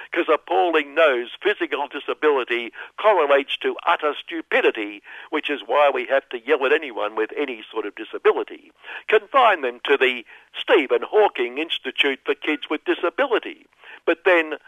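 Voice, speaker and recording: A man's voice: mid-range voice, dry recording. Sardonic man on dull radio. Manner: sardonic, mocking. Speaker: radio commentator. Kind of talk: satirical radio monologue. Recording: dull, dry lo-fi radio sound.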